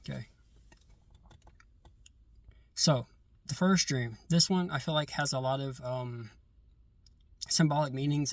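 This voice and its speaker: A man casually telling a long story about a dream, halting and repeating words as he gets caught up in it. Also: medium pitch, dry recording. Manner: halting, repeats words and restarts when excited. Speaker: vlogger recounting dreams.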